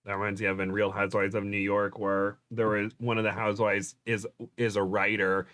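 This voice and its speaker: A man's voice: lowish voice, completely flat delivery, brisk, fairly bright tone. A man joining a casual stream chat as a guest, reacting briefly and laughing often. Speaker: co-host guest.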